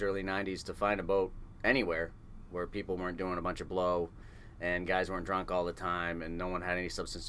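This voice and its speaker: Low, bright-toned salty fisherman. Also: a little hiss or hum. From coastal New England. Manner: salty, swears freely, loose anecdotal telling. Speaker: guest, fishing boat chief engineer. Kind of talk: casual interview storytelling.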